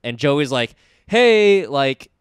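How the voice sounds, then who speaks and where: A man co-hosting a podcast, telling a long story in a rambling, animated way, full of fillers and acted-out quotes. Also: medium pitch, fairly quick, clear, resonant tone, no echo, clean studio sound. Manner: rambling, animated, acts out others' voices, many fillers. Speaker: podcast co-host. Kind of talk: casual storytelling chat.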